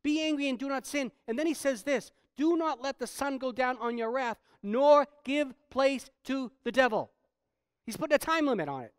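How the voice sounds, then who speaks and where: A man pastor preaching a sermon, swinging from quiet stretches to loud, emphatic preaching. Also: very high-pitched, lively intonation, normal speed, clean tone, no room sound, clean studio sound.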